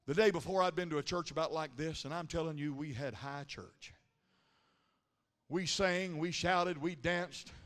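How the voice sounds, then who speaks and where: A man preaching a Pentecostal sermon in a church, telling stories in a quick, rhythmic cadence and building up to shouted, chanted lines. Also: a little high. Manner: punctuates lines with a breathy "huh". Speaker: pastor. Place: large church sanctuary. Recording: live sermon with long hall reverb.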